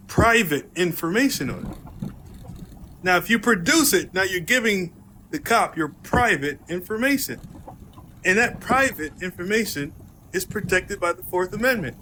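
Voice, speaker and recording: A man's voice: high voice, expressive, unhurried, bright, forceful tone, a little hiss or hum. A man in a heated casual debate, insistent and interrupting, repeating his points. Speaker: host.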